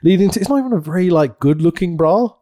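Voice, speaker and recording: A man's voice: high voice, animated, fast, mellow. A man co-hosting a podcast, recapping a show in casual chat, laughing and swearing often. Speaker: podcast co-host.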